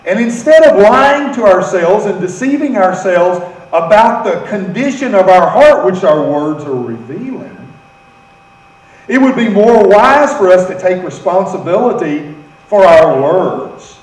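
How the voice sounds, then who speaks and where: High-voiced preaching man in echoey church. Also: expressive, a little slow. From United States. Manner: preaching, calls congregation to repeat phrases. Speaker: pastor. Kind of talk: sermon. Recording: echoey room, mic from far off.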